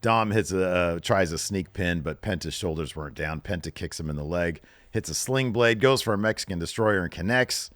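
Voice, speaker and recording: A man co-hosting a casual wrestling recap show, retelling backstage scenes with lively storytelling. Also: low voice, moderate pace, hardly any pauses, dry recording. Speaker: podcast co-host.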